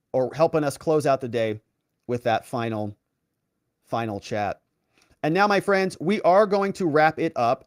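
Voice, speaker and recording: A man hosting a livestream, chatting casually as he reads out viewer messages and gives shout-outs. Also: mid-range voice, no room sound, clean studio sound. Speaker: livestream host.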